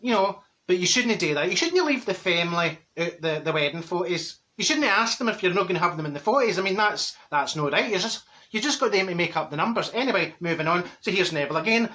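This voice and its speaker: A man's voice: high voice, expressive, fast talker, few pauses, pushed and bright. A man playing a straight-talking, gossipy middle-aged woman from Glasgow, with a Glaswegian accent, chatting blunt comic stories to camera. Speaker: comic character.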